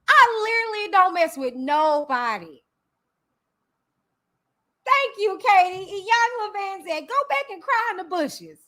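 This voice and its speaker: Sassy female streamer, very high voice with big swings, slow easy dismissive rant. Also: big pitch swings, bright, forceful tone. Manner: dismissive, sassy, drawn-out talk with frequent laughs. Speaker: channel host. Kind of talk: casual livestream rant.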